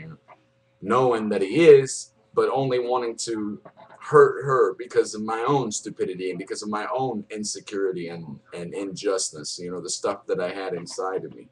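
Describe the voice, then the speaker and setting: A man's voice: low-pitched, poor audio. A middle-aged man giving an earnest personal testimony, emotional and pleading, often repeating himself. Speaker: convert sharing his testimony.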